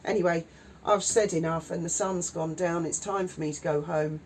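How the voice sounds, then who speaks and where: A woman's voice: on the low side, steady tone, moderate pace, darkish tone, slight background noise. A woman, indignantly ranting and swearing in a vlog. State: widowed. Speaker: YouTuber. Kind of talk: angry vlog rant.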